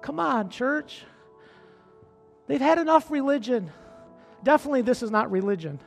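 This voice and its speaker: High-voiced impassioned male pastor. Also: animated, moderate pace, creaky, in a large hall, faint music behind. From upstate New York. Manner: impassioned, swings from quiet to loud pleading; repetitive rallying calls to the congregation. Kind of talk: preaching a sermon. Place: church sanctuary.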